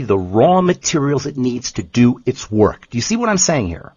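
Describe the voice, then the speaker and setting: A man explaining nutrition on a podcast with a lively, swooping delivery and a slightly husky voice. He repeats his points emphatically. The recording has a dull, lo-fi sound. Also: mid-range voice, normal speed, few pauses, no echo. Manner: animated, emphatic, repeats himself. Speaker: health podcast co-host, nutrition expert. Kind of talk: casual explanatory podcast talk.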